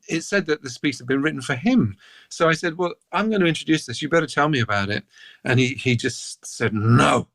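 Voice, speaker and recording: English man, podcast guest, lively storyteller, dry close mic. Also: mid-range voice, no room sound. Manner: animated anecdotes, breaks into laughter. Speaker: guest cellist.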